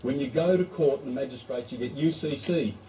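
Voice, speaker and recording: A man's voice: medium pitch, brisk, mellow, slight background noise. Man lecturing emphatically in an echoey room. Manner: emphatic, acts out quotes, restarts. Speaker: speaker on court law. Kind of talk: informal lecture. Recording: distant mic, echoey room, faint ambience.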